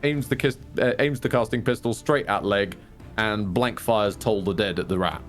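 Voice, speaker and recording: A man's voice: lowish voice, moderate pace, over music. A man playing a tabletop game, describing his character's moves in a chatty, wry way with laughing asides. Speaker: player. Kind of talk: casual tabletop play.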